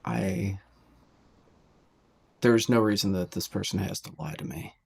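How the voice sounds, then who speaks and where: A man playing a tabletop role-playing game, speaking his character's lines in a measured, deliberate way. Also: sits low, vocal fry, husky.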